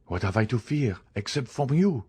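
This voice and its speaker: A man's voice: medium pitch, very animated, normal speed, dark tone, breathy edge, voice pushed up. A man reading an audiobook, voicing a cowardly, fearful thief who pleads and stammers. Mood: fearful pleading.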